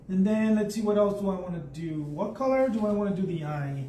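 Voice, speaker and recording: Man, high voice, casual live painting instructor who muses as he works; echoey room, faint background noise. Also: animated, a little fast, few pauses, warm tone, distant mic. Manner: chatty, thinks aloud while painting. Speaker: art instructor.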